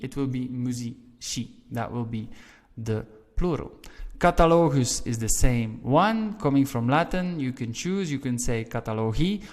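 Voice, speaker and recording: Man teaching in a reverberant room. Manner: explains step by step, often checking in with "right?"; stresses key words with sudden lifts in pitch and volume. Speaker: language teacher. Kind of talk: video language lesson. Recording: long reverberant room echo.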